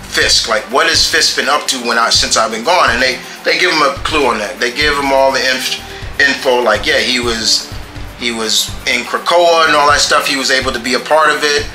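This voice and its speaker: A man casually reviewing comic books, halting and often restarting his phrases. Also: mid-range voice, pushed and bright, echoey room, low-quality recording.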